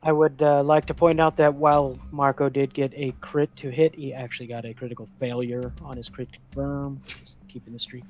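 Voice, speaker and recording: A man's voice: mid-range voice, flat delivery, a little fast, hardly any pauses. A man playing a tabletop role-playing game, making wry, teasing remarks to the other players. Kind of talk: tabletop role-play banter. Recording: slightly dull, music behind.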